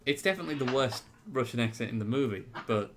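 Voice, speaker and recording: A man's voice: medium pitch, lively intonation, fast talker, background noise. A man co-hosting a podcast, giving dry, wry remarks in a casual film review chat. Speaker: podcast co-host.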